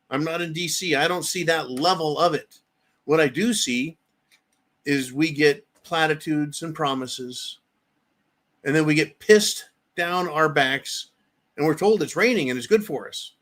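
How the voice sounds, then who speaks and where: A man's voice: on the high side, a bit bright. Profane, fired-up man ranting politics. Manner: angry, profane, sarcastic mock-quoting. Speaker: political commentary host.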